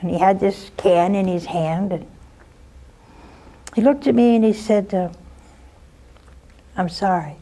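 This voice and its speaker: An older nun speaks unhurriedly in a warm, mid-range voice, pausing often as she gives a caller advice. Her stories from her own life are earnest and direct, commonly ending with "huh?" or "see?".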